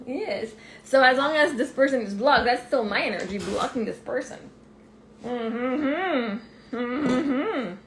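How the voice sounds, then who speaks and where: A woman with a Québécois French accent, talking through a live podcast monologue, animated, laughing often and swearing freely. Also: on the high side. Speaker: life coach podcast host. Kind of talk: live-streamed personal monologue. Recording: echoey room with faint ambient noise.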